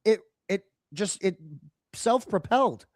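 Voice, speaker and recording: Podcast host dude, kinda high voice, dry close sound, blunt n jokey. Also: male voice, animated, measured pace, a little mellow, no echo. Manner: joking, blunt and profane. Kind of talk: casual podcast chat.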